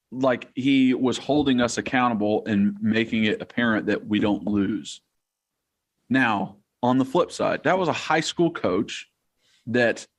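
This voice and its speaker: A young man co-hosting a podcast, telling locker-room stories in a lively, casual way and swearing freely. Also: lowish voice. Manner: storytelling, animated, swears freely. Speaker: podcast co-host, former player. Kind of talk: casual chat.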